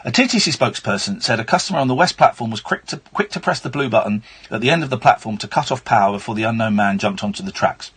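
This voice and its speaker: A man's voice: medium pitch, fairly bright tone, breathy edge. A man hosting late-night radio, chatty and wry, reading a news story with asides. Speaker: radio host. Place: radio studio.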